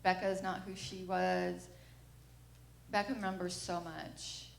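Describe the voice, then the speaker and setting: Middle-aged woman, church testimony, frank storytelling, lowish voice, echoey room. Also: level tone, unhurried, vocal fry, a little hiss or hum. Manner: candid storytelling, acting out the quoted lines. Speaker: mother giving a church testimony. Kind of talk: personal testimony. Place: church sanctuary.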